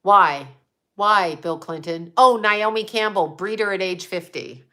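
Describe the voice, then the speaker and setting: Bright-voiced woman ranting profanely. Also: mid-range voice, a little slow. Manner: profane, blunt, agitated. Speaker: host. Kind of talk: casual ranting commentary.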